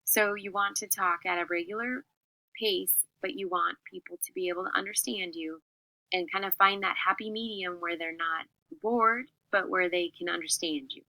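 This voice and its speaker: Female teacher, clear expressive lesson delivery, bright tone, dry close sound. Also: fairly low pitch, moderate pace, no echo, low-quality recording. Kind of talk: classroom lesson on public speaking.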